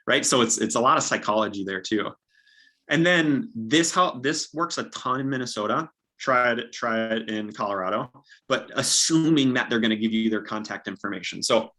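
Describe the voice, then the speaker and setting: A man's voice: medium pitch, normal speed, pushed and bright. A young man, a real estate agent, giving upbeat, practical coaching in a casual way and acting out sample dialogues.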